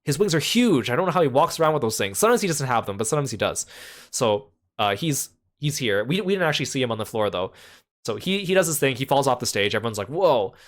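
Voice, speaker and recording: A man's voice: mid-range voice, very animated, fast, a bit bright. A man casually recapping a trip in a chatty voice, full of fillers like "like" and "uh".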